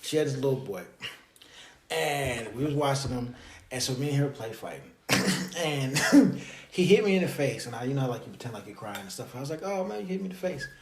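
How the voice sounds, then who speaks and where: A man in his thirties, a podcast guest, telling stories and joking deadpan with his sister and her partner. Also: medium pitch, normal speed, reverberant, noisy background. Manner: deadpan joking storyteller, laughs through his own stories. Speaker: guest, the co-host's brother. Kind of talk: casual podcast chat.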